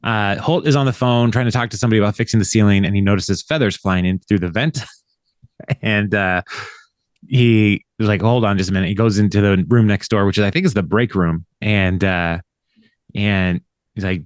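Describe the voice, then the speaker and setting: Recapping an episode of his podcast, this male host rambles casually, laughs often and acts out the characters' lines. His voice sits fairly low and moves at a moderate pace. The studio sound is clean, with no echo.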